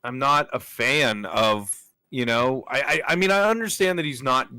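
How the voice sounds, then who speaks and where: A man's voice: medium pitch, moderate pace, bright, forceful tone, slight background noise. Hesitant man chatting on a gaming stream. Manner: hesitant, restarts his sentences. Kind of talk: casual chat while playing.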